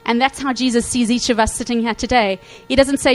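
A woman preaching a sermon to her congregation, animated, acting out Bible quotes and checking in often with her listeners. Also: on the high side, a little fast, poor audio. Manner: animated, acts out quotes, frequent "okay?" check-ins.

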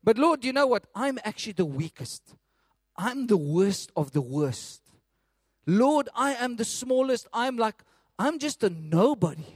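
Man preaching as doubting young man, pleading, self-pitying, high voice, dry sound. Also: big pitch swings, measured pace, husky, dry recording, full character voice. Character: anxious doubting young man complaining to God.

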